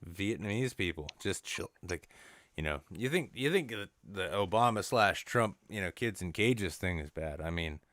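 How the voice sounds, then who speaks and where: A man with a fairly low voice rambles through an improvised comedy bit in a mock-serious tone, restarting his sentences and piling on filler words. The sound is dry and close, with no room behind him. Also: lively intonation, moderate pace, fairly bright tone, dry recording. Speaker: podcast co-host.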